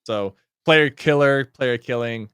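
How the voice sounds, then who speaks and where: A man's voice: medium pitch, takes it slowly, a bit bright, clear, resonant tone, dry recording, studio quality. A man, a gaming content creator, explaining things in a chatty way and often repeating words as he talks. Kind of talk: casual podcast interview.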